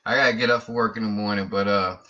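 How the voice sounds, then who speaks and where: A man joining a casual livestream chat with lively, laughing interjections. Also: lowish voice, fast talker, dull audio.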